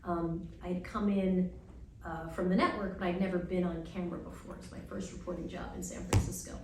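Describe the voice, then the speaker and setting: A woman from Long Island, New York, speaking as a guest at a student Q&A, giving advice in an animated way and acting out quick voices in her asides. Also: on the low side. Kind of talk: lively advice talk at a Q&A. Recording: echoey room, heard from far off, faint noise.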